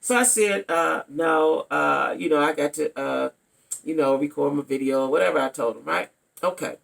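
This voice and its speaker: A middle-aged woman vlogger telling a story to her viewers in a blunt, animated way, often checking in with them. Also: low-pitched, moderate pace, creaky. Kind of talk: casual storytelling to camera.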